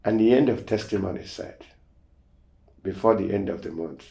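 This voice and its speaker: A man hosting a show, casually telling a testimony story and acting out the quoted dialogue, swinging between loud emphasis and near-whispered asides. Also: sits low, moderate pace, creaky. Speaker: show host.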